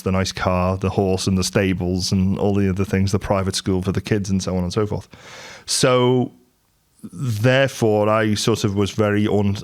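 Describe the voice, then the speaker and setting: A middle-aged man talks straight to camera about business, in a candid, storytelling way. His voice sits on the lower side, and the talk is unscripted and conversational. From England. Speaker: business and property coach.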